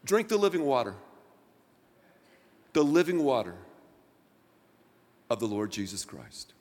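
A man preaching a sermon as pastor, emphatic, rising to near shouts and dropping low. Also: sing-song, measured pace, big-room sound, a little hiss or hum. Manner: emphatic preaching with wide swings of loudness and pitch.

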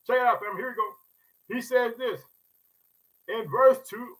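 A man's voice: very high voice, a little fast, pauses often, a bit bright, low-quality recording. A man preaching a podcast sermon with fervent, folksy energy. He keeps calling his listeners "family" and repeats his points. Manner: casual, folksy speech.

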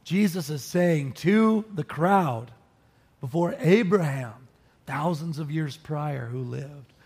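A man preaching a sermon, teaching with animated emphasis and joking with his listeners. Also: on the high side, slow, breathy edge. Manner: animated, rises sharply for emphasis, jokes with listeners. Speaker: pastor.

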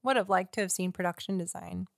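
A woman's voice: lowish voice, fast, vocal fry, no room sound, studio quality. A woman co-hosting a podcast, talking about films in a thoughtful way, often searching for words. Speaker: podcast co-host. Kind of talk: casual film discussion.

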